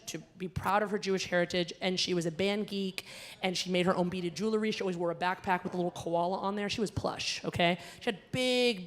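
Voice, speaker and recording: A young woman from the American South is emceeing a gala and telling a stand-up story. She tells it with animated energy, and she gets loud and punchy when she acts out the quoted lines. She speaks into a handheld microphone in a large performing arts hall. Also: medium pitch. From Southern United States.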